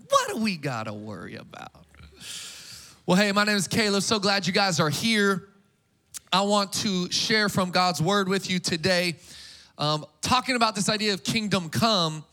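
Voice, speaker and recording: A man preaching an Easter sermon to a congregation, energetic and casual, with call-and-response. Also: high voice, moderate pace. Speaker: pastor.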